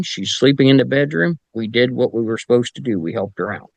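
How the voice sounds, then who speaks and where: Brisk and creaky at medium pitch, with no echo, a middle-aged Indiana man who investigates the paranormal tells stories in relaxed conversation. He brings his anecdotes to life by imitating the people he quotes, often restarting and using fillers.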